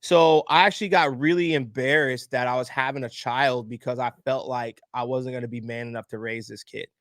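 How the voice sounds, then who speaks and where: Speaking briskly in a mid-range voice, a male podcast guest tells a personal story with candour and energy, performing the quoted voices of others. The interview is emotional, and the studio-quality recording is dry.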